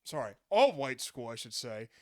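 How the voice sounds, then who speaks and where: A man's voice: medium pitch, normal speed, no room sound. A man telling stories on a casual comedy podcast, acting out the other people in them. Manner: animated storyteller acting out voices.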